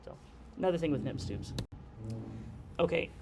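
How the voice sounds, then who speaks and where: A man's voice: a little high, lively intonation, normal speed, creaky, background noise. A man giving a lecture on airway anesthesia in a conversational way, often checking in with the class by asking "okay?". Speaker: nurse anesthesia instructor.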